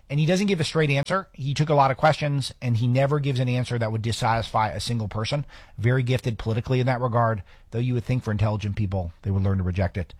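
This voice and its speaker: A man's voice: medium pitch, dry recording. A man hosting a talk radio show, giving sarcastic, rambling political commentary into a studio microphone.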